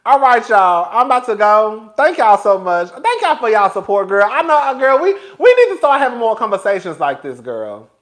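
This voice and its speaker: High-voiced flamboyant man chatting to viewers. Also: very animated, normal speed, hardly any pauses, fairly bright tone. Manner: flamboyant, chatty, calls viewers girl and child. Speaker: vlogger. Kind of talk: casual chat to viewers. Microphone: phone.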